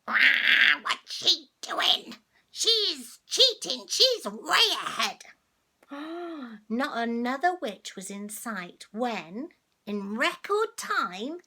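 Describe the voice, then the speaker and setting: An older woman reading a children's story aloud as a grandmother, chatty and animated, stopping for asides to the listener. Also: fairly high pitch, gravelly, husky.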